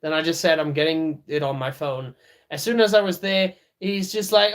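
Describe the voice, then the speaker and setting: A man's voice: on the high side, lively intonation, moderate pace. A man streaming live, chatting casually with viewers, laughing often and talking to his dog.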